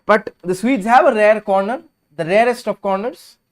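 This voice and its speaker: A man hosting a live watch-along stream, giving casual, opinionated match commentary that swings between lively calls and low, sleepy mumbles. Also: moderate pace.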